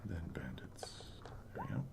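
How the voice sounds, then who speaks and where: A man running a tabletop game as game master, animated and laughing, acting out the characters' lines. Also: moderate pace, in a whisper.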